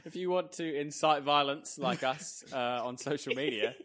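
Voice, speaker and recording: A man co-hosting a podcast, talking in an easygoing, measured way. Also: a little high, a bit bright. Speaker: podcast co-host. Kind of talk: casual chat.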